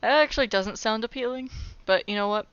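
Wry woman, smooth voice, dry close sound. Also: a little high, brisk, no echo, dull audio. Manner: wry, exasperated, breaks into loud incredulous outbursts. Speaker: comedic Bible reader. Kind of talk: casual comedic scripture commentary.

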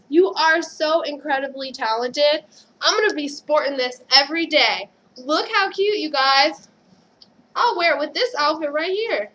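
Young female vlogger, high voice, excitable and gushing, faint background noise. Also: unhurried. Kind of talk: casual haul vlog.

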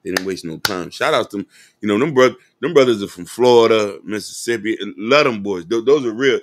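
A man's voice: fairly low pitch, brisk, no room sound. A man hosting a podcast, giving an earnest, impassioned commentary monologue that speaks straight to his listeners. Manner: earnest, direct, addresses listeners as y'all. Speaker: podcast host.

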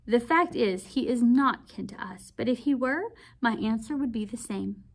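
A woman's voice: a little high, animated, normal speed. A woman reading aloud as a strict middle-aged Southern aunt, firm, clipped and disapproving. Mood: stern.

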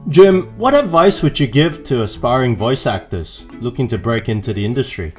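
A man interviewing a guest, reading prepared questions in a brisk, straightforward way. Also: mid-range voice, expressive, darkish tone, soft background music.

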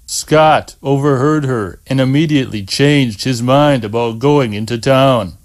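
A male audiobook narrator reading at an unhurried, measured pace. His voice sits at an ordinary middle pitch, steady and plain. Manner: slow and measured.

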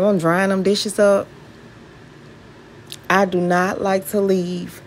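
This home vlogger, a Mississippi woman with a Southern accent, tidies her kitchen at home while casually talking to viewers and posing questions. Her voice is lowish with a darkish tone, and there's a little background noise.

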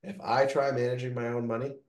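A man's voice: mid-range voice, fast, echoey room. A man who owns a gutter business, telling stories in a casual interview, peppering his talk with "like" and "right?". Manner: energetic storytelling, frequent "like" and "right?". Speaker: gutter business owner, guest.

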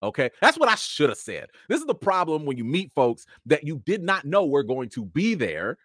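A man casually telling stories from an awards show, chatty with many fillers, jumping into a high excited voice when acting out his encounters. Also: moderate pace, no room sound, studio quality. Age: adult with a child. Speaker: vlogger recounting an awards show. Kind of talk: casual storytelling chat.

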